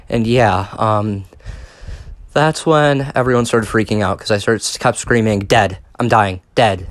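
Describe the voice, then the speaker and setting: A man's voice: fairly low pitch, dry recording. A young man telling a casual storytime, rambling and swearing with many fillers and restarts. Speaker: vlogger.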